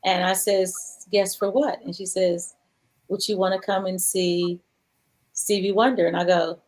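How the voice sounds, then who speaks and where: A woman hosts a casual talk show. She tells stories with lots of animation and jumps way up in pitch when she quotes people. Her talk is loose and conversational, with plenty of fillers. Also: level tone, unhurried. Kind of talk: casual chat.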